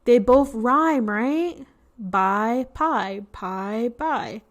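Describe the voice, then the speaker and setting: Slow, patient woman teaching vocabulary. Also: fairly high pitch, lively intonation. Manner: patient, explains words and asks questions. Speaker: teacher reading to children. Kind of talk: read-aloud lesson.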